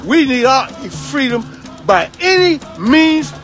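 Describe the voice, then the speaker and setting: Man in his sixties with a very high voice, fiery and preachy, hammering lines home by repeating them. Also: lively intonation, takes it slowly, fairly bright tone, faint music behind. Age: 60s. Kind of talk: impassioned political monologue.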